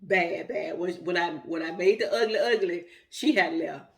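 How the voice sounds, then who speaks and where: A woman's voice: lowish voice, normal speed, vocal fry. A middle-aged woman, telling a heartfelt personal story in a rambling, emotional way with many fillers. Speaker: vlogger.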